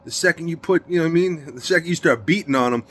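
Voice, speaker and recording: A middle-aged man, telling a story in an interview in streetwise slang, emphatic and animated. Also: fairly high pitch, quick pace. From New York.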